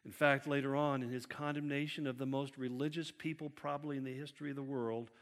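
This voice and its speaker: A man preaching a sermon, with an animated delivery that acts out quotes by shifting his pitch and loudness. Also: quick pace. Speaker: pastor. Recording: long hall reverb.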